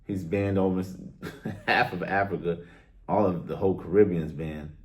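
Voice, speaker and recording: A young man with a somewhat low voice vents to his viewers in a loose, casual rant. He is blunt and exasperated and leans on street slang and direct address. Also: fairly even intonation, normal speed. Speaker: vlogger.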